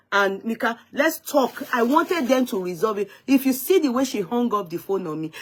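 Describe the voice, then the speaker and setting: A woman with a somewhat bright, high-side voice hosts an online live-stream talk show. She recounts a dispute emphatically and indignantly, often repeating herself.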